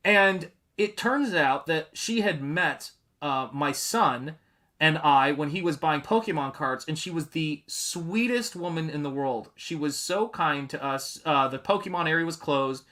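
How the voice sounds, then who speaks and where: A man with a bright, forceful and somewhat high voice talks loosely while he paints live. He rambles from one thought to the next and answers viewer comments along the way. His delivery stays casual and unscripted throughout. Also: lively intonation, a little slow. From New England. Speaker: artist hosting a live painting stream.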